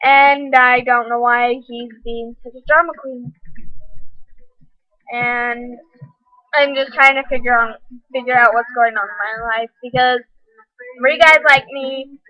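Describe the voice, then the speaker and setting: A woman's voice: fairly high pitch, flat delivery, slow, no room sound, muffled recording. A teenage girl rambling through a school drama story in a casual vlog, full of "like" and "um". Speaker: vlogger.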